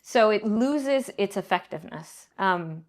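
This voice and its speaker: A middle-aged woman answering interview questions in a measured, explanatory way, often pausing to check in with "right?". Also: medium pitch, lively intonation. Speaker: guest, banking leader and professor.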